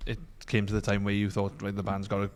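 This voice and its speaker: A man hosting a podcast who asks gentle, probing follow-up questions in a casual interview. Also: on the low side, completely flat delivery, quick pace, background noise. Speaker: podcast host.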